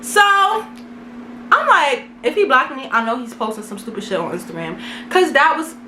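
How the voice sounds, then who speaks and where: A woman's voice: sits high, sing-song, moderate pace, bright, forceful tone, a little hiss or hum. A young woman from Brooklyn, telling a casual storytime in a slangy, self-mocking way. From Brooklyn, New York. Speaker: vlogger. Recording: echoey room.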